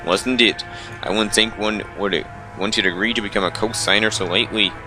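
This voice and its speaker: A man's voice: lowish voice, steady tone, brisk, over music. A young man reading a visual novel aloud, stumbling over lines and breaking off for wry asides. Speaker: let's player.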